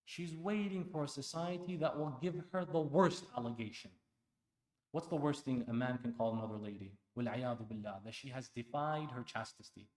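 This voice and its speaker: A man delivers a sermon at an Islamic center, his voice mid-pitched and carrying through a reverberant hall. He swings from a near hush to loud, urgent appeals and keeps pressing the listeners with pointed questions. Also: rapid-fire. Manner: impassioned, swings between hushed and loud; asks the audience pointed rhetorical questions. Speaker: preacher. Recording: echoey hall.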